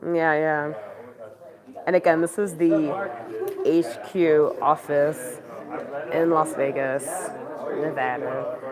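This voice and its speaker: A woman's voice: sits low, level tone, slow pace, long pauses. Chatty woman livestreaming from a busy office. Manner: chatty, rambling, lots of "like" and "you know". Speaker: livestreamer at a campaign meeting. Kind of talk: casual livestream chat. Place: busy campaign office indoors. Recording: crowd chatter behind.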